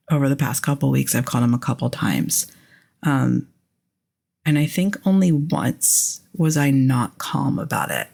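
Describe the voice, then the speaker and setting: A woman hosting her own podcast in casual solo talk, candid and rambling, with a hoarse, phlegmy voice and frequent restarts. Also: low-pitched. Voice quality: raspy, phlegmy voice with a lingering cough. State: hoarse throat. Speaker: podcast host.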